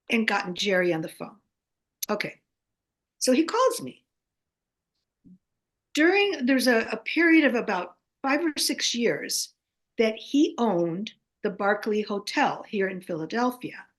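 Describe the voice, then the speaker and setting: An older woman from the United States in her seventies, an author and guest telling stories in an animated way and often checking in with "okay?". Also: fairly high pitch. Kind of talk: animated anecdotal storytelling.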